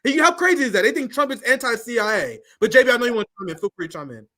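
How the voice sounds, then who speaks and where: Guy hosting a political live show, high voice, bouncy, laughs a lot while reading news. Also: rapid-fire. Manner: animated, laughs often, slangy, reads news aloud. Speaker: host. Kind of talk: political talk show commentary.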